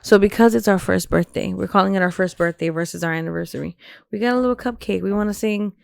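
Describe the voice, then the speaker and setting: Mulher grávida conversando, som seco. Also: female voice, medium pitch, quick pace, creaky, no echo. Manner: chatty, agreeable interjections. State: pregnant, a bit out of breath. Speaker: podcast co-host. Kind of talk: casual chat.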